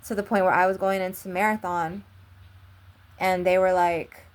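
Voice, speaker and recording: A woman's voice: fairly low pitch, little pitch movement, normal speed. A young woman vlogger telling a long personal story in a casual, rambling way, filling it with "like" and frequent swearing.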